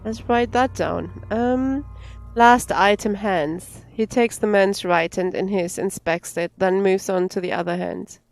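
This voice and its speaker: A woman streamer reading the game's text aloud, slow and careful, with laughing asides. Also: medium pitch, steady tone. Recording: faint game music behind.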